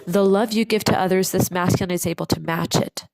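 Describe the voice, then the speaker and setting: A woman giving a channeled tarot reading to her viewers, speaking slowly and soothingly and repeating phrases for emphasis. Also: fairly low pitch, fairly even intonation, gravelly, a little mellow, no echo, rough recording. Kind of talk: channeled pick-a-card reading to camera.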